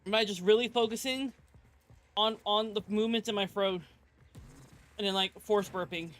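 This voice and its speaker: A woman's voice: mid-range voice, fairly even intonation, normal speed. A woman streaming a video game who chats casually with her audience, rambling, swearing freely and laughing often. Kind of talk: casual live-stream chat.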